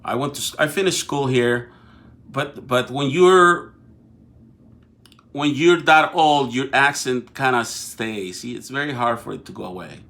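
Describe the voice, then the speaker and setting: A man's voice: medium pitch, measured pace, vocal fry, bright, forceful tone. Mexican-accented man hosting a livestream. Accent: Mexican Spanish. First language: Spanish. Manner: talkative, repeats and restarts words, addresses viewers directly. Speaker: political show host. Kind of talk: casual live-stream talk.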